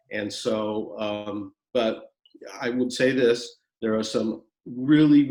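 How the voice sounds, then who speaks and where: A man answers as a doctor on a panel, measured and hopeful in tone. His voice sits at a middle pitch. The audio is roomy, with a noticeable echo. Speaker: physician. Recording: roomy video call audio.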